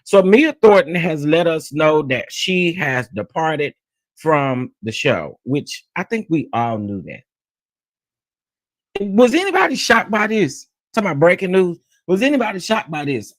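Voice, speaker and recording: A man's voice: on the high side, moderate pace, no room sound. Sassy man doing gossip commentary. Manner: sassy and animated, repeats phrases for emphasis; addresses viewers as "y'all". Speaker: host of a celebrity gossip channel.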